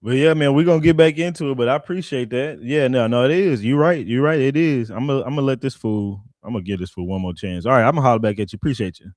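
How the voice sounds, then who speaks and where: A man's voice: mid-range voice, fast, few pauses, a little mellow, no room sound, clean studio sound. A man hosting a livestream, talking with callers in a confrontational, mocking, trash-talking way. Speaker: livestream host.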